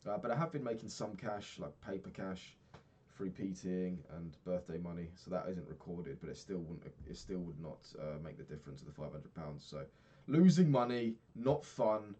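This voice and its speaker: Young man, low voice, casual sweary vlog ranting. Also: lively intonation, moderate pace, warm tone, slight background noise. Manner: rambling, swears a lot, ranting. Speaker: vlogger.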